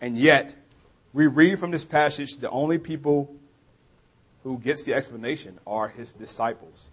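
Conversational New Orleans pastor preaching. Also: male voice, medium pitch, normal speed, a bit bright, breathy edge. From New Orleans area, USA. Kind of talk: sermon.

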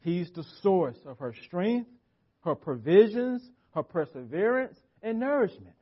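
A man with a high-set voice preaches a sermon, hammering on repeated phrases and dropping suddenly soft before rising again. The audio is dull and lo-fi. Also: sing-song, measured pace, slightly rough. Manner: emphatic, repetitive preaching with wide swings of loudness. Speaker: pastor.

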